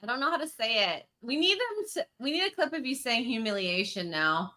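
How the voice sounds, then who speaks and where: A woman co-hosting a relaxed livestream with a high, bright voice. She is playful and giggly, and her pitch bounces all over as she jokes around with the others. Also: brisk. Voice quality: playful, giggly, makes demands jokingly. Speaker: co-host. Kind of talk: casual chat on a livestream.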